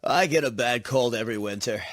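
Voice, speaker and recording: A man's voice: medium pitch, fairly quick, a bit bright, no echo, clean studio sound. A man reading lines of a scripted practice dialogue in a plain way.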